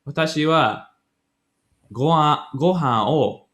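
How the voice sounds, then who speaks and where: A man's voice: fairly high pitch, slow, fairly bright tone. A man co-hosting a casual podcast, chatting his way through a language grammar lesson and often correcting himself mid-sentence. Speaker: podcast co-host.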